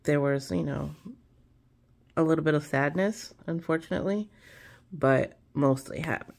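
A woman chatting casually while she crafts, relaxed and rambling with many fillers. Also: low-pitched, unhurried, gravelly, pauses often. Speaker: craft vlogger.

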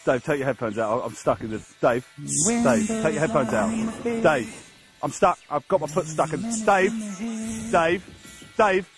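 A man's voice: a little high, lively intonation, measured pace, long pauses, music in the background. A man voicing a male animal stuck in the mud, who calls his friend over and over in an exasperated, pleading way.

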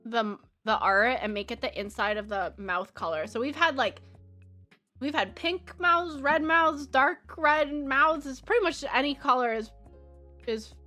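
Bright, chatty woman with a Valley Girl lilt. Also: a little high. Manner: chatty and rambling, giggly, heavy use of "like". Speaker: streamer. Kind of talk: casual chat while drawing on stream. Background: soft background music.

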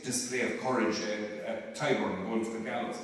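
An Irish man, a Catholic priest, giving a talk to a live audience, emphatic, swinging from loud urging to quiet asides and often repeating words. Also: on the low side, fairly even intonation, moderate pace. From Ireland. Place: large parish hall. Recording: very echoey hall, distant mic.

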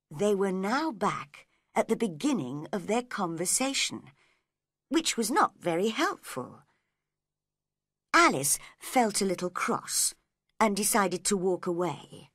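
A woman narrating a storybook read-along for English learners in a clear, slow, deliberate way. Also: on the low side, animated, a bit bright, no room sound, clean studio sound.

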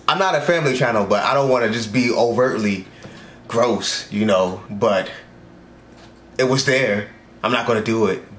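A young man casually reacting to an anime episode, animated and slangy, laughing and swearing as he goes. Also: medium pitch, a little hiss or hum. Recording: echoey room.

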